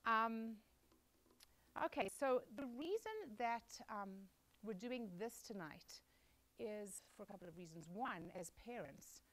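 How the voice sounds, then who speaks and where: A woman's voice: a little high, expressive, measured pace, fairly bright tone, rough recording. A woman in her forties from South Africa, with a mixed South African, Australian and American accent, giving a chatty public talk to an audience as a guest speaker and teacher, with many ums.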